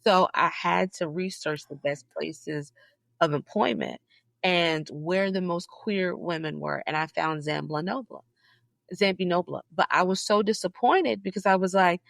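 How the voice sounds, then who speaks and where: A woman from Southeast Georgia, a guest in a casual interview, telling stories in an animated, emphatic way with sudden high, loud bursts. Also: measured pace, gravelly, no room sound. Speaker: podcast guest, librarian.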